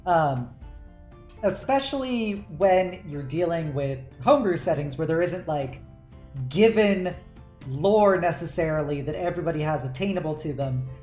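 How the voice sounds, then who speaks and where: A woman's voice: deep voice, lively intonation, normal speed, warm tone, reverberant, faint music behind. A woman hosting a casual streamed panel as game master, chatting loosely with frequent laughs and casual swearing.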